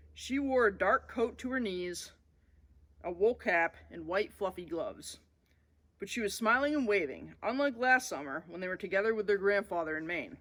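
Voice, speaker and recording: Woman, children's story reader, bright tone, expressive read-aloud. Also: medium pitch.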